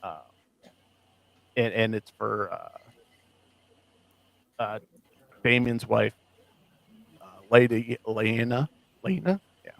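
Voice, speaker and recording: A man co-hosting a podcast in casual chat, animated and laughing often as he mocks what he quotes. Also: fairly low pitch, slow, creaky, long pauses, poor audio. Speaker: podcast co-host.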